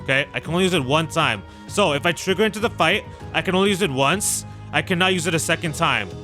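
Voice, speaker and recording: A man hosting a gameplay video, chatting casually and excitedly with viewers in slangy talk while he plays, with faint game music behind him. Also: on the high side, fast talker. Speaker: gaming channel host. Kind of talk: casual let's-play commentary.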